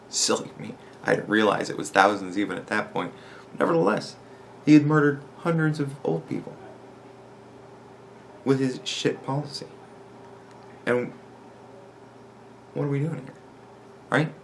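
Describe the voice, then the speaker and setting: A man hosting his own podcast, launching into a long, exasperated rant full of swearing and biting sarcasm. His voice sits at an ordinary middle pitch, with a faint hiss of background noise under it. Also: animated, a little slow, long pauses. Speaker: podcast host. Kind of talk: ranting commentary.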